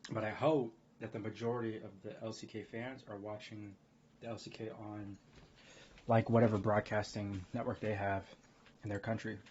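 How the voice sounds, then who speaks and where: A man with a lowish, darkish voice plays a card game on stream and talks casually with chat. He rambles from thought to thought and laughs hard at their messages, over dull lo-fi audio with faint noise.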